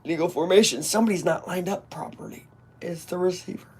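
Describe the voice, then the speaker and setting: A man's voice: high voice, a little fast, a little mellow, slightly rough. A man giving live play-by-play commentary on a game as a fan, talking in a casual, rambling way and openly voicing his frustration. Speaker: fan watch-along commentator.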